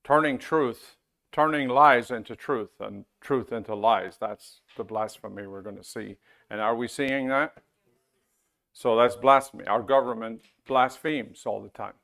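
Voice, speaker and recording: A man teaching a Bible-school class in a casual, conversational way, often checking in with his listeners and reading scripture aloud slowly. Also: mid-range voice, creaky, fairly bright tone.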